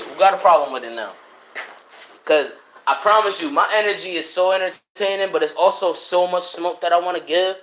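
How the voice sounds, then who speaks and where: A young man from Connecticut ranting profanely to his live chat in a loose, animated way, jumping between loud outbursts and low mutters. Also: roomy sound. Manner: profane, animated, swings between shouting and mumbling. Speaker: livestreamer. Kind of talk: unfiltered casual rant to live chat. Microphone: streaming mic.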